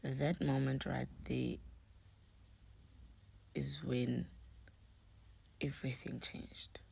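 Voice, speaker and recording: Low, gravelly woman. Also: flat delivery, very slow. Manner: hushed, often half-whispered delivery; mixes English with Nguni words. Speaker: storyteller vlogger. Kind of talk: personal storytime.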